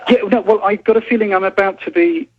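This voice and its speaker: A man's voice: high-pitched, steady tone, fast talker, slight background noise. A man, a reporter calling in from a police station, talking politely and hesitantly with many apologies. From Britain. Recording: muffled phone line.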